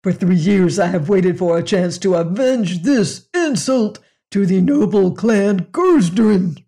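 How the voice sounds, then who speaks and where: An audiobook reader voicing a huge, hairy, belligerent male alien warrior who speaks in loud, commanding growls. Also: medium pitch, expressive, slow.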